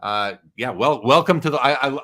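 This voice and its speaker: A man's voice: mid-range voice, animated, brisk, a bit bright. A man hosting a live sports card show, talking earnestly and reflectively with his guest and reading viewer comments.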